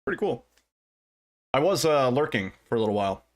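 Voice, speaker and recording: A man, streaming from his desk at home and chatting with his viewers in a relaxed way. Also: mid-range voice, a little fast. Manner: laid-back, chuckling, greets chat by name. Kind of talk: casual livestream chat with viewers.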